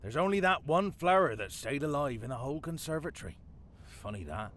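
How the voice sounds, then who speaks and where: Dead west country gardener in a game, dry and spooky, voice bouncing all over. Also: male voice, fairly high pitch, animated, fairly quick, a bit bright, slight background noise. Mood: wry. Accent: English West Country. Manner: wry, theatrical, darkly playful. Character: dead old English gardener, dry, macabre. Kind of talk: video game voice acting.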